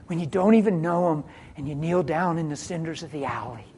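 A preacher telling a homespun, familiar sermon story, dropping to near-whispers and then rising into loud, laughing exclamations. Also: medium pitch, fairly quick, husky. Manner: homespun and familiar, calls listeners honey.

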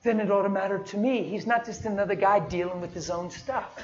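A man's voice: sits high, steady tone, brisk, few pauses. A man preaching a sermon in an earnest, folksy, conversational storytelling way. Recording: dull, muffled sound with faint noise.

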